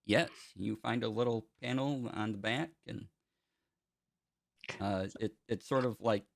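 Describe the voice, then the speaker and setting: A man narrating a tabletop game as game master, relaxed and chuckling, with loose fillers. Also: lowish voice, unhurried, gravelly.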